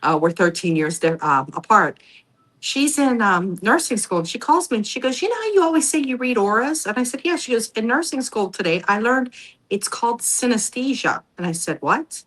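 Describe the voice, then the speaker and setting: Bright-voiced woman telling stories. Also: medium pitch, normal speed, poor audio. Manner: animated, acts out voices in her stories. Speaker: podcast guest, psychic. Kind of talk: casual storytelling.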